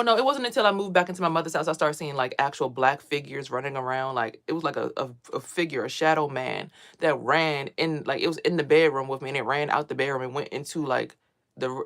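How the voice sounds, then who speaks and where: A woman vlogger casually tells personal stories, lively and freely swearing as she acts out what others said. Her voice is very deep and she talks fast.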